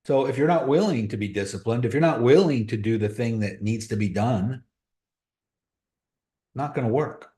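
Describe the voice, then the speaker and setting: A man hosts a live crypto webinar, talking in a blunt and motivational way at a mid-range pitch. He drifts into stories about his own life. His voice rings off an echoey room. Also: moderate pace, long pauses, mellow. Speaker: host of a crypto trading webinar. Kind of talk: casual live-stream talk. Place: room on a video call.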